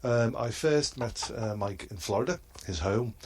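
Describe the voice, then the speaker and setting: A man doing a comedy roast in a halting, hesitant delivery and chuckling at his own crude jokes. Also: medium pitch. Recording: noisy line.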